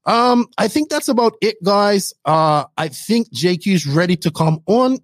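A man hosting a hobby podcast, rambling casually through news and shout-outs. His voice sits a little high, and it is recorded dry and close with no room sound. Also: very animated, unhurried, no echo. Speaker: podcast host.

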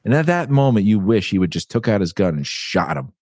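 A man co-hosting a laid-back chat, his voice animated and bouncing as he jokes and laughs. The sound is dry and close. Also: on the low side, brisk, no room sound. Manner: jokey, laughs a lot. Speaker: co-host. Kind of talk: casual chat.

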